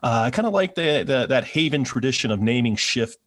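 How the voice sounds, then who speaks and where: A man's voice: mid-range voice, lively intonation, fairly quick. A man co-hosting a podcast in casual chat, rambling and self-deprecating, with frequent restarts. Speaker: podcast co-host.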